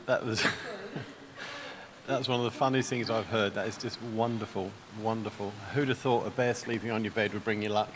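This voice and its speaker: A man serving as funeral celebrant offers a few appreciative words after the eulogy. His voice sits on the low side, and the murmur of a gathered crowd can be heard behind him. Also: steady tone, normal speed. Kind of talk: brief remarks after a eulogy.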